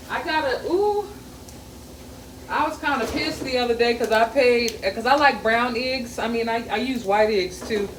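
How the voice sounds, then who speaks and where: A middle-aged woman from the American South chats as she cooks in her home kitchen for a vlog, earthy and a little profane, with folksy grammar and drifting story tangents. Her voice is a little high with slight hiss or hum. The kitchen echoes, the mic is at a distance, and a pan sizzles.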